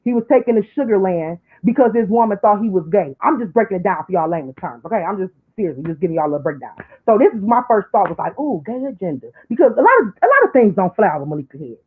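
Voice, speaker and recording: A woman talking on a live stream in a preachy, emotional way, dropping low for asides and climbing high when she pleads. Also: sing-song, quick pace, hardly any pauses, slightly rough. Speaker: online commentator. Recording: tinny phone-like line.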